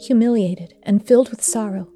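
A woman host narrating an old myth in a gentle, measured storytelling style. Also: mid-range voice, soft background music.

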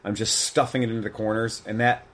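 A motorcycle shop owner chats on a casual podcast, blunt, opinionated and sprinkling in some swearing. His voice is lowish, level in tone and fairly bright, and he talks fast.

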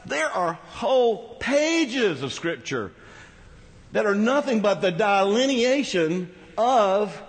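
A man preaching a sermon as pastor, talking conversationally with rhetorical asides to the congregation. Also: high voice. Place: large church hall. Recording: reverberant church hall.

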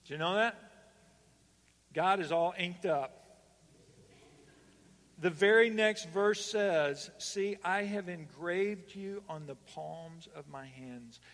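Male pastor, slow deliberate delivery, sermon voice carrying through a long-reverb church hall, loud emphatic calls dropping to hushed lines. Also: high voice.

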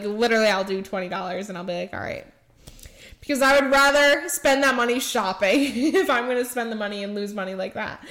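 A woman's voice: medium pitch, fairly bright tone. A young woman from Michigan hosting a podcast in casual chat, bubbly and laughing often, with lots of "like" in her speech. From Michigan, USA. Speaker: podcast host.

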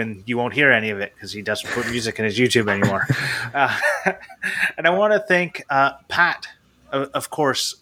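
A man's voice: mid-range voice, sharp tone. A man hosting a casual podcast, rambling with frequent laughs. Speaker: podcast host.

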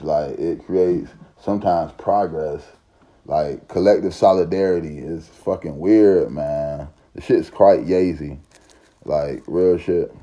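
A man's voice: sits low, mellow, muffled recording. A man, talking in a profane, rambling, emphatic casual monologue. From Southern United States.

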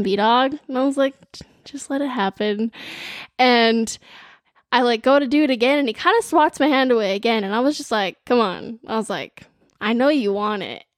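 A young woman co-hosting a podcast, telling a story in casual chat with a lively, filler-heavy manner. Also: on the high side, dry recording, studio quality. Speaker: podcast co-host.

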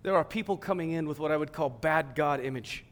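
Man preaching, loud and hushed by turns. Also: on the high side, brisk. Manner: emphatic preaching that swings between loud and hushed. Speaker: pastor. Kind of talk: sermon.

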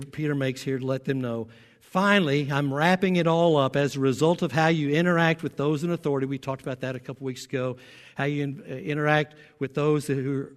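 A man's voice: a little high, long reverb tail. A man preaching a sermon as pastor. He tells stories in between and builds to emphatic exhortation. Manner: storytelling, rising to emphatic preaching.

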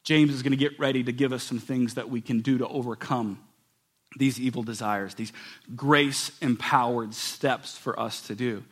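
A man preaching a sermon as pastor, swinging between loud emphatic passages and soft, hushed ones. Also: mid-range voice, fairly even intonation, normal speed.

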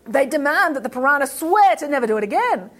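A woman's voice: sits high, very animated, fast talker, pitched above the performer's own voice. A woman with an Australian accent playing a dry, matter-of-fact mother in a children's story. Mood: wry.

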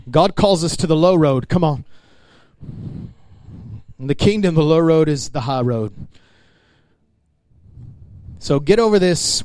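Higher-voiced man preaching a sermon. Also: lively intonation, measured pace, pauses often, a little mellow, no room sound. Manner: emphatic, conversational preaching that addresses the congregation directly. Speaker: pastor.

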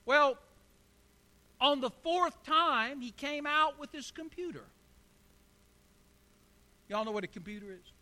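High, bright-voiced preacher man. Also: expressive, slow, long pauses. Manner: emphatic, repetitive rhetorical delivery. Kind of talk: sermon with storytelling.

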